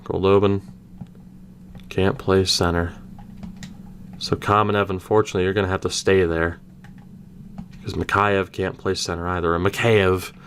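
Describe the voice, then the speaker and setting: A young man giving casual let's-play commentary, thinking aloud with animated reactions and the odd swear word. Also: fairly low pitch, smooth. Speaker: gaming YouTuber.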